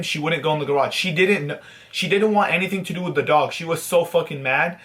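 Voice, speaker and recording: A man's voice: fairly high pitch, fast, fairly bright tone. A young man vlogging, telling a long casual story with swearing and mock-dramatic sad asides.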